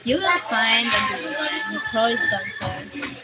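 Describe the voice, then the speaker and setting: A woman from the Philippines with a Filipino accent, hosting a live stream, halting and searching for words as she greets viewers by name. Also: fairly high pitch, animated, over loud music, poor audio. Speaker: livestream host. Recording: loud background noise.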